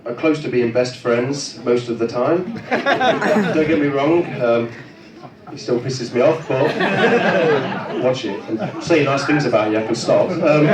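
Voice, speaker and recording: A tipsy man gives a rambling best-man-style speech, swearing and hedging with ums between jokes. He sounds some way off from the mic in an echoey hall. A loud crowd of guests fills the room around him. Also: medium pitch. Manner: rambling and crude, with self-deprecating jokes and hesitations. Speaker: brother of the groom giving a wedding speech. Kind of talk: wedding speech. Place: wedding reception hall with guests. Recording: roomy echo, distant mic, loud crowd.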